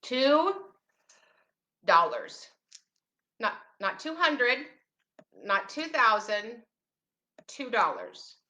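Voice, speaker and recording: A woman's voice: on the high side, expressive, slow pace, pauses often, bright, forceful tone. A middle-aged woman hosting a show on parents' rights, talking casually with sarcastic, teasing asides. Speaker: special education advocate and host. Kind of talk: casual talk to camera.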